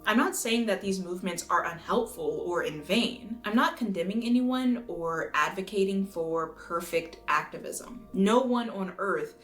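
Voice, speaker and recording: A woman from the United States reading a scripted video essay in an earnest, measured way, now and then swearing for emphasis. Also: mid-range voice, a bit bright. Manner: earnest, measured, occasionally profane. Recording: roomy echo with faint music.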